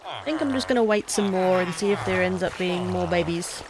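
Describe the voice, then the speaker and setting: A woman's voice: fairly low pitch, a little fast, gravelly, crowd noise. A woman giving casual commentary on her own gameplay, talking to herself as she plays. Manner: chatty, talks to herself, bursts into excited shouting. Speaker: let's play gamer.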